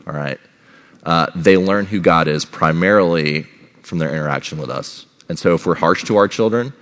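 Preaching to his congregation, a middle-aged pastor speaks with a low-pitched voice and a fairly bright tone. His manner is conversational, and he keeps asking "all right?" to check in.

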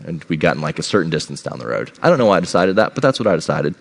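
A man's voice: sits low, big pitch swings, very fast, gravelly. A middle-aged man giving a sermon as a pastor, conversational and checking in with the congregation. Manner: conversational, checks in with "all right?".

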